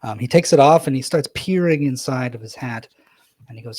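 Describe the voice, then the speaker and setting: Husky-voiced man narrating as game master. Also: medium pitch, a little fast, no room sound. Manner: casual, animated, descriptive with frequent fillers.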